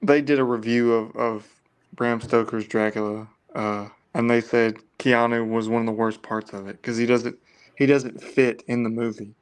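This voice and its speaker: A man's voice: medium pitch, steady tone, moderate pace, clear, resonant tone. A man co-hosting a casual movie chat, mostly giving short agreeing replies.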